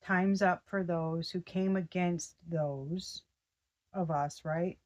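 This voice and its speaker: A woman giving a casual tarot reading, excitable and slangy, often breaking off mid-sentence to start over. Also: lowish voice, takes it slowly. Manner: slangy and profane. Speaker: tarot reader.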